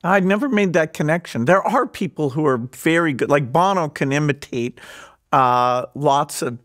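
Man, podcast host, slightly high voice, casual, hesitant. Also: expressive, moderate pace, fairly bright tone. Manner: casual, hesitant, with fillers and laughs. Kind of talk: conversational interview.

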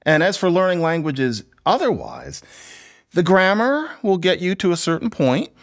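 A man speaking as a linguist guest in a conversational interview, explaining in a lively, professorial way. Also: sits high, moderate pace. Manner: lively, professorial, imitates accents playfully.

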